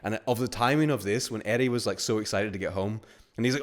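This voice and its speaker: Fast-talking, rambling webinar host. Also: male voice, fairly low pitch. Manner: casual, rambling anecdotes, acts out quotes, swears. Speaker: course host. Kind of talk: live webinar talk with chat questions.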